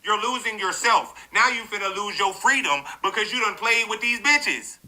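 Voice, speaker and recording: Guy ranting about social media drama, cussing a lot, rambling, sharp bright voice. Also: high-pitched, moderate pace, slight background noise, low-quality recording. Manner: animated, profane, rambling with many fillers. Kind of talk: profane social media commentary rant.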